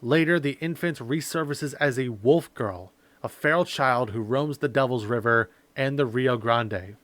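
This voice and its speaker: A man hosts a laid-back podcast, rambling through his points with plenty of fillers and easy laughs. His voice sits in a middle pitch, recorded close and dry with no room sound. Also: measured pace, fairly bright tone, dry recording. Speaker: podcast host. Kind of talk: casual podcast chat.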